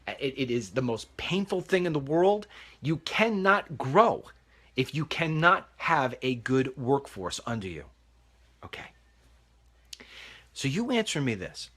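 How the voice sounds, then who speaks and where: A man's voice: medium pitch, sing-song, a little slow, pauses often, fairly bright tone, slightly rough. A middle-aged man hosting a talk show, speaking emphatically and repeating himself while out on a walk. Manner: emphatic, repetitive, preachy. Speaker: host. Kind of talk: walking talk commentary. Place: outdoors walking.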